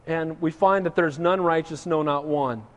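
A man with a high voice preaches a sermon, reading scripture aloud and then explaining it. He speaks earnestly and addresses the congregation directly. His voice carries a long reverb, as if he were in a large hall. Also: normal speed, a bit bright. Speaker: pastor.

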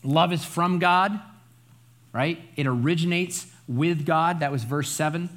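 A man's voice: a little high, measured pace, a bit bright. A man preaching a Bible study sermon in a conversational, emphatic way, often adding asides and tag questions. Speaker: pastor.

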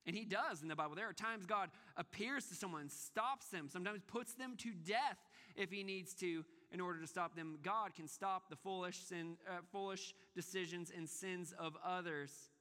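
A man's voice: high voice, normal speed, few pauses, bright, forceful tone, long reverb tail. A man preaching a sermon, asking rhetorical questions and driving points home with emphatic repetition. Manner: emphatic, rhetorical questions, repeats words when restarting. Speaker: pastor.

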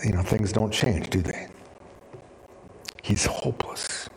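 A man preaching a sermon as pastor, animated and storytelling, with sudden drops to a hushed voice. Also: fairly low pitch, slow pace, vocal fry, in a whisper. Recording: reverberant hall.

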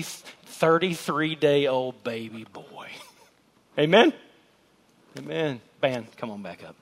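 A man delivers a sermon in a church. His voice sits a little high, and he keeps the preaching conversational, with asides and jokes. He drives points home by repeating phrases. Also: normal speed, a bit bright. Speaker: pastor. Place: church sanctuary with a congregation.

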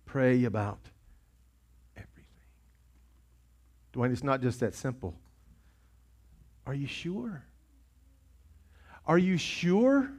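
A man's voice: medium pitch, lively intonation, takes it slowly, pauses often, darkish tone, husky. A man preaching a sermon as pastor, impassioned and urgent, often repeating himself for emphasis. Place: church sanctuary.

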